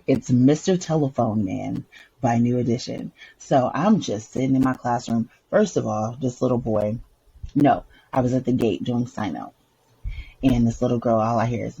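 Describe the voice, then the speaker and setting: A woman with a husky voice chats casually on a podcast, telling stories with lots of energy. She laughs often and slips into sung snippets. The sound is a little dull and lo-fi. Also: a bass voice, normal speed. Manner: animated storyteller, breaks into song, laughs often. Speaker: podcast co-host. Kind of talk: casual chat.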